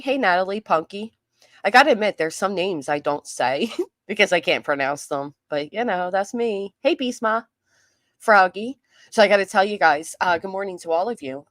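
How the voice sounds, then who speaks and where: A woman's voice: on the low side, no room sound, studio quality. A woman hosting a casual livestream, greeting viewers by name in a chatty way, her voice a little worn. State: losing her voice. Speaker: livestream host.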